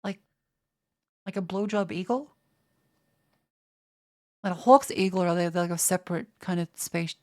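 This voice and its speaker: This young Australian streamer has a lowish, somewhat mellow voice, a moderate pace, and frequent pauses. She chats casually and profanely with viewers, rambling and often stammering or starting over.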